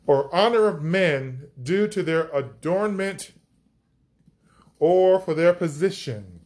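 A man's voice: fairly high pitch, expressive, takes it slowly, darkish tone. A man teaching scripture on a podcast, enthusiastic, stretching out key words for emphasis. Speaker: preacher.

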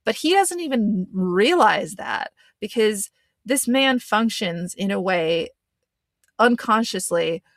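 A woman's voice: mid-range voice, lively intonation, slow, no echo, studio quality. A young adult woman hosting a podcast, talking in a loose, rambling, casual way. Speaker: podcast host. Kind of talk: casual chat.

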